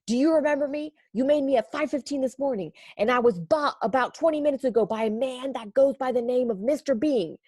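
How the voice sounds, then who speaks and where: A woman voicing a fussy, proud male doughnut who is prim and polite and turns shrill when alarmed. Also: brisk, few pauses, a little mellow, breathy edge, dry recording, studio quality. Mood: urgent whisper.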